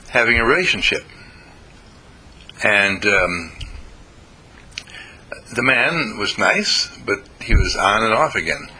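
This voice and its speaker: A man gives a storytelling self-help talk with lots of rise and fall in his voice. His tone is gravelly and husky but piercingly bright. He slips into other people's voices as he tells his stories. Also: fairly low pitch, low-quality recording.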